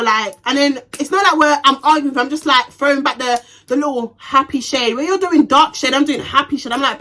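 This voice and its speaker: Brief: young woman vlogger, fairly high, bright voice, animated and profane storytime delivery. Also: quick pace, few pauses. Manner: animated, profane, slangy retelling. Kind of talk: casual storytime.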